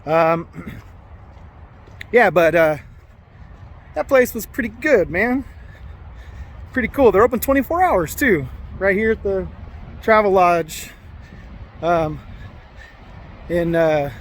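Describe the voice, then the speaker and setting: A man's voice: high-pitched, lively intonation, slow pace, pauses often, a little hiss or hum. A man vlogging casually to camera as he walks around a small mountain town, joking and rambling with lots of fillers. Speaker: trucking vlogger. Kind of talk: casual vlog chat to camera.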